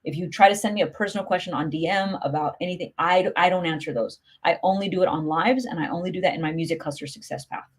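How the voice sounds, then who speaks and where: A woman with a lowish voice talks fast, with few pauses, while hosting a laid-back music promotion livestream. She answers live comments cheerfully and chattily, leaning on "like" and "you know."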